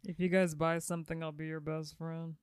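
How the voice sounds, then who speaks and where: Deadpan podcast woman, smooth clear voice, pretty flat, dry sound. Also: low-pitched, a little fast, no room sound. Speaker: podcast co-host. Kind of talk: casual chat.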